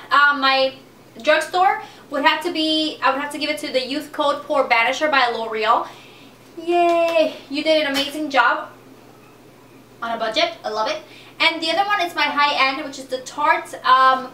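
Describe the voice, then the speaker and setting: Casting note: young woman beauty vlogger, high and bright, casual and effusive, roomy echo. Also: far from the mic, slight background noise. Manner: chatty and gushing, calls products "baby". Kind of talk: casual product review.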